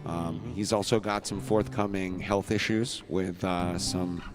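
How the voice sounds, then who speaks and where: Low-voiced rambling host over music. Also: male voice, fairly even intonation, a little slow. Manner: rambling, profane, laughing storyteller. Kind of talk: casual chat and storytelling on a live music show.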